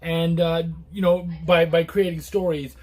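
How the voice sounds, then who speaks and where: A man reviewing a comic book in a casual, relaxed chat to camera, rambling with many restarts and fillers. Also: measured pace. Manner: relaxed and low-key.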